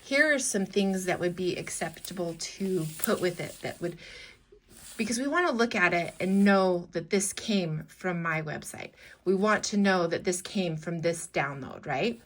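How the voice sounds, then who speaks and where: A woman talking through a crafting tutorial in a chatty, rambling way, with many fillers and restarts, now and then going soft while she works. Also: on the low side, lively intonation, measured pace. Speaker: collage artist and shop owner.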